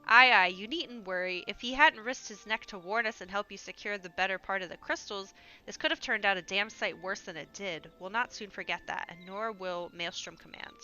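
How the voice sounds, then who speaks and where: A woman voicing a blunt, gruff seafaring commander, reading game dialogue aloud. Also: medium pitch, normal speed, sharp tone, muffled recording, faint music behind, natural voice. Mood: resolute.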